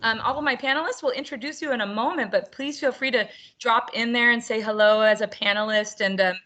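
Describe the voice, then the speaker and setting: A woman with a bright, forward tone and a slightly high voice welcomes people on a video call. She hosts an online teacher roundtable and keeps things upbeat and chatty, laughing often. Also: brisk. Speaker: webinar host.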